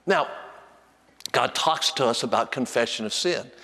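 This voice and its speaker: A man's voice: medium pitch, unhurried. Male pastor preaching in a reverberant church. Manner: animated preaching with frequent restarts, sings softly. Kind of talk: sermon. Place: church sanctuary with long reverb.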